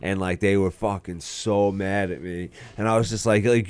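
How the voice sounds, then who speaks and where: A young man tells stories in loose, rambling casual chat, packed with "like" and cursing. His voice sits low and smooth. The sound is dry and close. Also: flat delivery, normal speed, darkish tone, no echo. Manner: storytelling, heavy filler "like", swears a lot. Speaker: podcast co-host.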